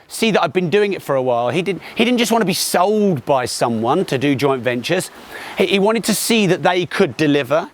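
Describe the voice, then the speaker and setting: A man speaking as a property investment mentor, giving energetic, conversational business advice with quick asides and restarts. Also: a little high. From England. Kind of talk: direct-to-camera business advice. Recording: faint ambient background noise.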